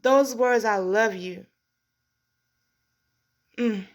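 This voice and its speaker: A middle-aged woman hosts a community show with an earnest, heartfelt delivery. She speaks like a preacher, and her voice sits a little higher than most. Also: drawn-out words. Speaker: host. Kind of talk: inspirational monologue.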